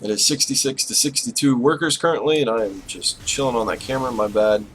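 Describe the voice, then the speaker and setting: A man giving casual, self-deprecating play-by-play commentary on a strategy game, with bursts of excitement when the fighting heats up. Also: mid-range voice, quick pace, few pauses, a little hiss or hum, poor audio. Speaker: esports caster.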